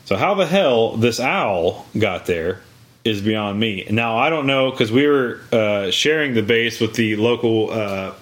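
A man's voice: on the low side, lively intonation, measured pace, fairly bright tone. A man in casual chat, telling rambling stories with many fillers and restarts.

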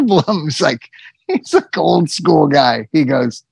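Animated gravelly man telling stories. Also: a little high, slow pace, dry recording. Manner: animated, swearing, acts out quotes. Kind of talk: casual storytelling chat.

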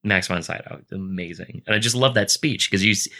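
An excitable man co-hosting a casual podcast, rambling eagerly through a film scene and stopping and restarting mid-sentence. His voice sits a little low, but the tone is bright and forceful. He keeps slipping into quoted voices as he retells the film. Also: fairly quick. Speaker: podcast co-host. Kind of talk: casual chat.

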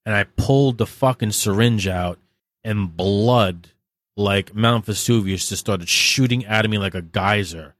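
Deep-voiced blunt man telling candid stories. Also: measured pace, a bit bright, no echo, studio quality. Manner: blunt, heavily profane, vivid storytelling. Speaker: podcast guest. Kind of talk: candid interview storytelling.

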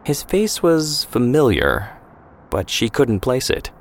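A man narrating a scripted historical drama in a calm storytelling manner. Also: mid-range voice, slow.

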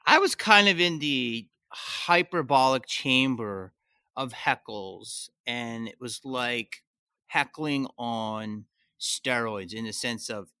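Bright-voiced animated man telling stories. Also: slow pace, smooth, no echo, clean studio sound. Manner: animated storytelling, swearing, sudden high-pitched outbursts. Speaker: comedian guest. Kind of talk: casual podcast chat.

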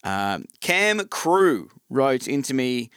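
A man's voice: medium pitch, slow pace, clean tone, dry recording, clean studio sound. A man with an Australian accent hosting a podcast, chatting casually with lots of ums. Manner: chatty, relaxed, many ums. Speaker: podcast host.

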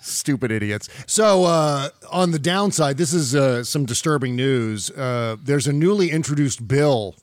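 A man's voice: fairly high pitch, measured pace, hardly any pauses, dry recording, clean studio sound. A man hosting a comedy news podcast, reading stories and ranting sarcastically with plenty of profanity. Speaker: podcast host.

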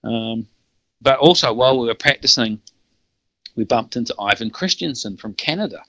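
A man's voice: mid-range voice, expressive, normal speed, fairly bright tone, dry recording, poor audio. A middle-aged New Zealand man with a New Zealand accent, telling stories casually as a podcast guest, rambling and laughing with frequent restarts. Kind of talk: casual storytelling.

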